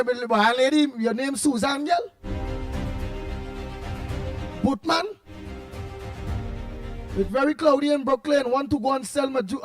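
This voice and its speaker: High, husky Trinidadian man bantering. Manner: loud, playful banter. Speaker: host greeting live viewers. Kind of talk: casual live-stream chat.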